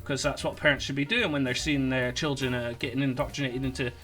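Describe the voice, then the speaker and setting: A man's voice: medium pitch, steady tone, fast talker, a bit bright, soft background music. Sarcastic man commentating. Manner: sarcastic, mocking, rambling. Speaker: political commentator. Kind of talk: online commentary video.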